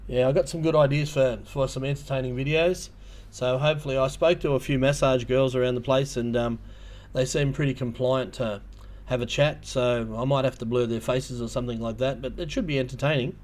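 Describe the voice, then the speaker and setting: A man's voice: mid-range voice, steady tone, a little fast, hardly any pauses, darkish tone. A man with an Australian accent hosting a casual livestream, telling a rambling story full of ums and restarts. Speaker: livestream host.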